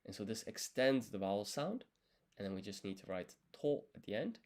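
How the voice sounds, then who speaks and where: A man's voice: lowish voice, expressive, brisk, a little mellow. A young man studying on a live stream, counting strokes aloud and explaining each step patiently as he writes. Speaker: language learner streaming his study. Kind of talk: casual live study session, thinking aloud.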